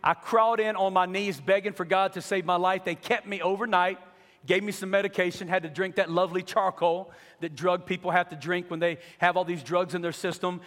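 A man's voice: high voice, fairly even intonation, fairly quick, a bit bright, long reverb tail. A man from North Carolina, giving an earnest, emotional church testimony as a guest speaker. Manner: earnest, emotional storytelling, building to impassioned pleas.

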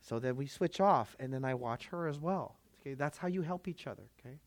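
A man's voice: mid-range voice, expressive, brisk, no echo. A man of Filipino background preaching a sermon, emphatic and full of rhetorical questions to the congregation. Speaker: pastor.

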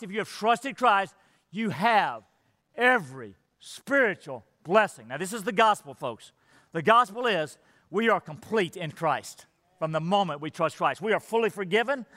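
Male preacher, high voice, earnest emphatic delivery, long church-hall reverb. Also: sharp tone. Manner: earnest, emphatic, repeats words as he builds. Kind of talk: sermon.

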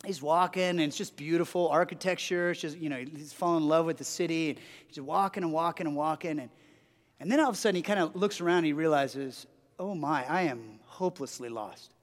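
A man's voice: on the high side, fast talker. A man preaching a sermon as pastor, telling stories earnestly with frequent restarts. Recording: long hall reverb.

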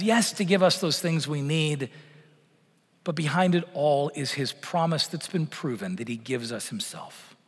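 A middle-aged man preaching a sermon, swelling loud on promises and sinking to a near-whisper at the ends of phrases. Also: on the high side. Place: church sanctuary. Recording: long church reverb.

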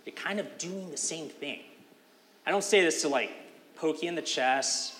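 A man's voice: fairly high pitch, moderate pace, fairly bright tone. Man preaching in a reverberant hall. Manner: conversational, emphatic preaching with casual fillers. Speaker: pastor. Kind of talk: sermon.

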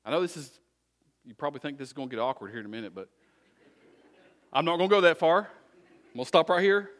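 A middle-aged pastor delivers a sermon, speaking in a slightly higher voice than most men. He talks to the congregation conversationally and drives his points home by repeating short, punchy exhortations. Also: expressive, fast, fairly bright tone.

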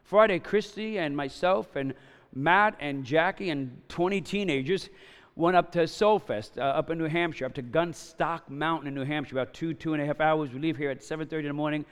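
A fifty-something man preaching from the pulpit, his voice sitting a little high for a man. He talks in a loose, conversational way and keeps checking in with his listeners. A long reverb from a large church hall trails behind every word. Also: brisk, clean tone. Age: 50s. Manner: conversational storytelling, frequent "right?" and "you know?". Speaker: pastor. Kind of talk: sermon.

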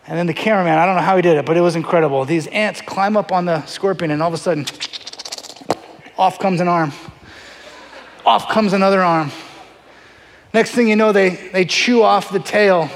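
A middle-aged man, a pastor, telling a story in a sermon with lively, animated delivery, often acting out voices. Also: high-pitched, normal speed, pauses often. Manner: animated, acts out voices in his stories. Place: large church hall. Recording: long hall reverb.

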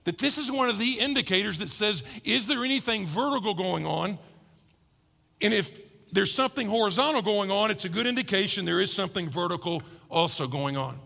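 A man preaching a sermon as pastor, animated and acting out the voices of characters. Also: sits high, brisk, vocal fry, in a large hall. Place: church hall.

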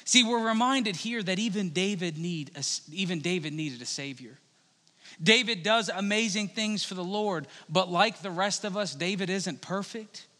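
A man's voice: sits high, moderate pace, bright, forceful tone. A man preaching a sermon, retelling a Bible story in a casual, joking way. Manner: conversational, humorous Bible storytelling. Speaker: pastor. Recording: long hall reverb.

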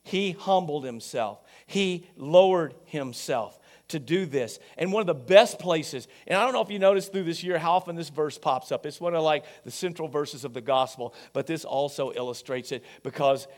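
A male pastor preaching a sermon, emphatic, asking the congregation questions and swinging between loud peaks and quiet low passages. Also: normal speed, hardly any pauses.

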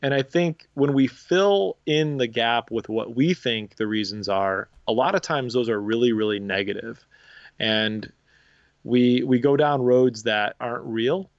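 A man co-hosting a casual faith podcast, talking in a relaxed, reflective, rambling way. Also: medium pitch, no room sound, highs cut off. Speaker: podcast co-host.

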